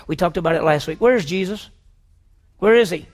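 A man preaching a sermon to a congregation in a church hall, swinging from loud emphasis to hushed near-whispers and putting questions to the room. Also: high voice, brisk, pauses often. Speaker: pastor.

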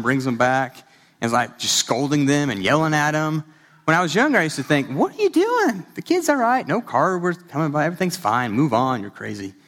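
A man in his thirties gives a conversational sermon, leaning into personal stories and breaking out into animated bursts. His voice sits at an ordinary middle pitch. A long reverb from a large hall trails each phrase. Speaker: pastor.

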